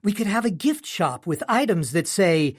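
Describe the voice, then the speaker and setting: Man voicing a young small-town woman, bubbly, high-pitched, audiobook figure. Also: sing-song, normal speed. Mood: excited.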